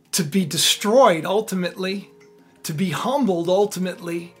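Woman preacher, casual animated storyteller, a touch breathy, faint music underneath. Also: fairly low pitch, takes it slowly. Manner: lively, conversational, acts out characters.

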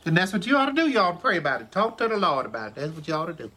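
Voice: medium pitch, sing-song, racing, sharp tone, a little hiss or hum. A motherly older woman, soothing. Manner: soothing, coaxing, calls people honey and baby. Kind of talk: film scene.

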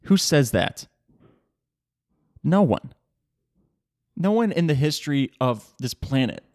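A young man hosts a loose solo podcast from a home setup, rambling, swearing, and laughing at his own tangents. His medium-pitched voice sounds close and dry on the mic, with no room sound.

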